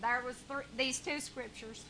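A woman giving a tearful, fervent testimony, slowing down and rising in volume as she reads scripture. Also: high-pitched, steady tone, crowd noise, rough recording. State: crying. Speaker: caller sharing a testimony. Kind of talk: emotional testimony.

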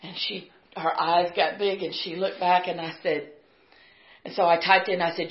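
A woman preaching a sermon, telling a personal story in a conversational way and building to fervent, shouted exhortation. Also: fairly low pitch, little pitch movement, normal speed. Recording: roomy, slightly muffled recording.

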